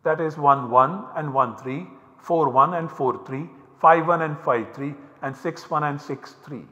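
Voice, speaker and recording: A man with an Indian English accent giving a recorded university lecture, explaining step by step with measured pauses. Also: fairly high pitch, bright, forceful tone. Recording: dull, hall-like lecture recording.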